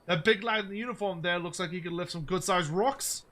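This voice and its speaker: A man's voice: sits high, a little fast, bright, forceful tone. A man voicing a pushy, working-class male miner in a video game, putting on a British accent and dropping his consonants. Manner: blunt, dropped consonants, bargaining.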